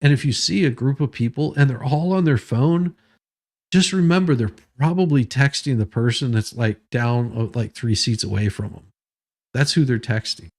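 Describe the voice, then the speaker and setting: Gravelly dude joking around reading the morning news, keeps wandering off topic. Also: male voice, medium pitch, a little mellow. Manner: rambling, joking, self-interrupting. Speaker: host. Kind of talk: casual news commentary.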